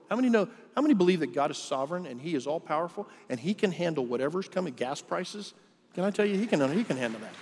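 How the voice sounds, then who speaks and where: A man's voice: on the high side, expressive, fast, a little mellow. Guy preaching a sermon, chatty and restarts a lot, long echo like a big church hall. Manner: conversational preaching with repeated restarts. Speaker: pastor. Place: church auditorium.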